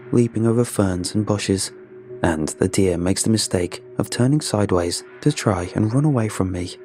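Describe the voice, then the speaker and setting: A man with a fairly low voice reads a first-person horror story in a measured, grim delivery. Music runs clearly beneath the narration throughout. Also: darkish tone. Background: background music.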